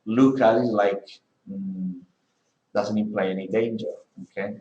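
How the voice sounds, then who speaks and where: Man, English teacher, unhurried, roomy classroom echo. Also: on the low side, muffled recording. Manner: models pronunciation by repeating words, questioning students. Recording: echoey classroom.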